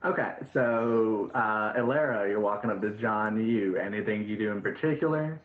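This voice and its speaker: A man with a fairly low voice narrates a tabletop game as dungeon master, in a loose, casual way full of fillers. He sounds thin and phone-like in an echoey room. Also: moderate pace.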